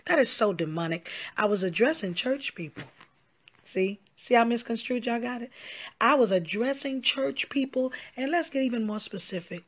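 The voice is a woman's, husky and on the low side. As a pastor and gospel singer talking directly to her followers in a social media video, she pleads emphatically, repeats herself frequently, and addresses them as "y'all" and "honey."

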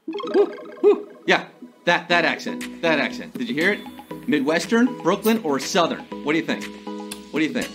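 A man's voice: fairly high pitch, lively intonation, normal speed, over music. A man hosting a live trivia game show, reading questions with playful jokes and theatrical asides. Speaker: quiz show host.

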